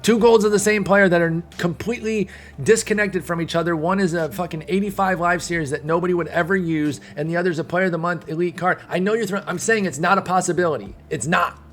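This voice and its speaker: With a little hiss or hum on the audio, a young gaming streamer speaks quickly in a high, slightly bright voice. His casual commentary to live chat becomes a heated, rambling rant full of false starts.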